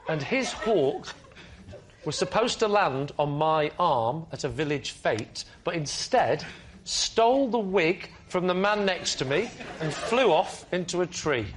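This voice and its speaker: A man's voice: fairly high pitch, animated, unhurried. A man and team captain on a comedy panel show, bantering jokily and laughing through his lines. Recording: loud audience and studio noise.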